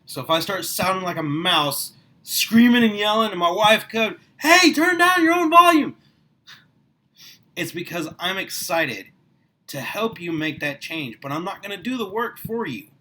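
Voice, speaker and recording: A middle-aged man giving a passionate motivational talk to the camera, his voice rising and getting louder as he gets worked up. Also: high-pitched, expressive, moderate pace, poor audio. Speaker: small business owner recruiting for network marketing. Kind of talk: motivational vlog monologue.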